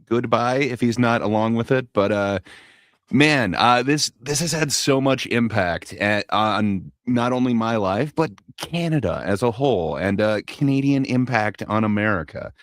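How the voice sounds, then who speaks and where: A man's voice: medium pitch, animated, unhurried, no echo, clean studio sound. A man hosting a casual panel debate. He talks with enthusiasm, swears casually, and fills his speech with fillers and stammered restarts. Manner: hesitant, many fillers and restarts.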